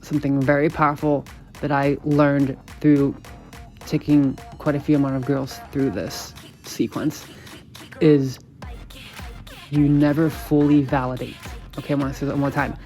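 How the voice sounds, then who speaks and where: A man's voice: little pitch movement, moderate pace. Emphatic man coaching listeners, music behind. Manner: emphatic, repetitive, swears, addresses listeners as "you guys"; voices sample lines in a lower, quieter tone. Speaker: podcast host, dating coach. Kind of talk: instructional podcast monologue.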